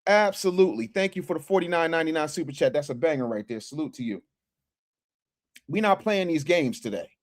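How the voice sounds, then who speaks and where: Speaking a bit fast and animated, a man with a fairly high voice runs a casual livestream from his office. He talks to chat in slang and reads out their super chats.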